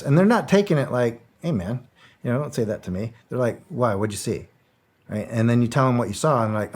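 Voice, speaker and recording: A man's voice: mid-range voice, lively intonation, quick pace, a little mellow. A middle-aged man and former soldier telling stories as a guest in a casual interview, rambling, repeating himself and swearing freely. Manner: rambling, repeats words, swears freely, acts out quoted dialogue.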